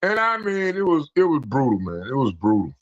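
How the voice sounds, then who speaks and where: A man on an online stream call, telling a story in a casual, profane, animated way and acting out the quotes. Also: medium pitch, brisk, muffled recording. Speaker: panel guest.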